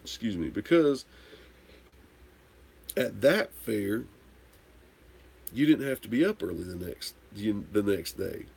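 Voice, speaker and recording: A man's voice: fairly low pitch, animated, takes it slowly, vocal fry, pauses often, darkish tone, husky. A man hosting a casual livestream, tipsy from drinking, telling a rambling, candid story and swearing casually. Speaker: livestream host answering viewer comments.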